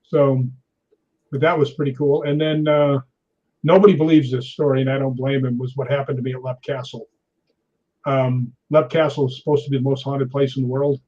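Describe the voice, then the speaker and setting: A man's voice: mid-range voice, brisk. A man in his sixties, a guest in an interview, telling stories animatedly and acting out what people said. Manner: animated storyteller acting out quoted voices. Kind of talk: storytelling in an interview. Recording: dull lo-fi audio.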